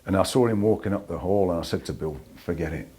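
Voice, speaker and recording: An older man from England telling an anecdote in a soft-spoken, hesitant way. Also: deep voice, quick pace, slightly rough. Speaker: interviewee, band member. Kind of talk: casual storytelling.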